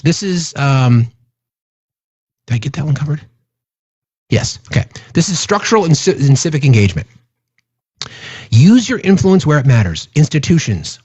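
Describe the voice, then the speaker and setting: A middle-aged man talks to his livestream chat with passionate, profane earnestness. His voice is husky and slightly high for a man, and it rises and falls in lively swings. He's recorded dry and close on a desk mic. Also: no room sound. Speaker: livestream host. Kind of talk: casual livestream talk to chat.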